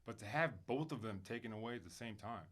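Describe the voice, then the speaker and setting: A man speaking candidly as a podcast guest, emphatic and animated at times, then quiet and reflective, swearing casually and using plenty of fillers. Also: lowish voice, fast talker. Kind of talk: candid conversational interview.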